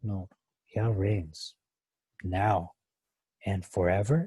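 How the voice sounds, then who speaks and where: A man's voice: on the low side, unhurried, long pauses, warm tone, slightly rough, no echo. A man teaching a verse-by-verse Bible study, thinking aloud with many fillers and restarts.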